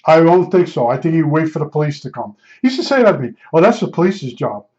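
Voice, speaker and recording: A man's voice: a little high, very animated, quick pace, a little mellow. An older man telling a personal story in a casual, rambling way, blunt and emphatic, often repeating himself. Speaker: podcast storyteller. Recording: slightly dull lo-fi recording.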